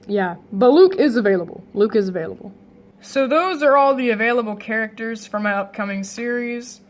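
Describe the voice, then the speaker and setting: A young woman hosting a casting call for voice roles, talking casually and rambling with many fillers and restarts. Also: a little high. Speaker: channel host running a casting call.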